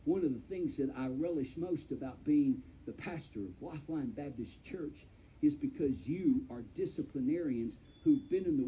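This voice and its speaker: A man's voice: medium pitch, mellow, slight background noise, poor audio. A man preaching an earnest, folksy sermon to his church as its pastor. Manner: earnest, folksy preaching, addresses listeners as friend. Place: church sanctuary.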